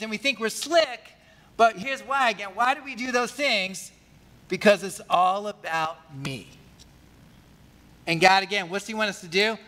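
A man's voice: high voice, pushed and bright, big-room sound. A man preaching a sermon as pastor, talking in a conversational way and often asking the congregation questions.

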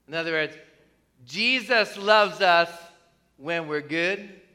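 A man's voice: sits high, pushed and bright. A man preaching a sermon in a conversational way, asking his listeners questions and often adding "right?". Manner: conversational preaching, asks the congregation questions, tags many lines with "right?". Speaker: pastor. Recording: long reverb of a church hall.

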